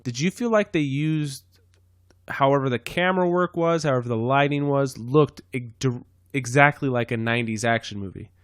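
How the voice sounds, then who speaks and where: A man's voice: mid-range voice, dry recording. Rambling man, dry close sound. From San Diego, California. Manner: rambling, halting, with many restarts. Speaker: podcast host. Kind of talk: casual chat.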